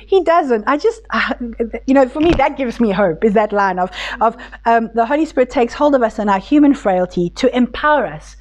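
Woman Bible teacher, higher voice, conversational, lively, lots of restarts. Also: normal speed, few pauses. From South Africa. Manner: warm, animated, many restarts, voices God tenderly.

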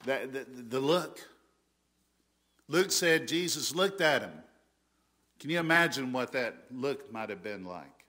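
A Southern American man preaches a sermon with a bright, ringing voice. He presses his points hard and often stops to restart a sentence. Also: medium pitch, expressive, takes it slowly, long pauses. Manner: emphatic, rising loud on quoted scripture, frequent restarts. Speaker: pastor.

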